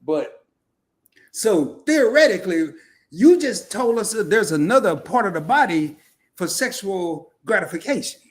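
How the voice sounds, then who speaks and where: A man co-hosting a casual live talk show, excitable, with frequent laughter and exclamations. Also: high-pitched, measured pace. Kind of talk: casual livestream chat.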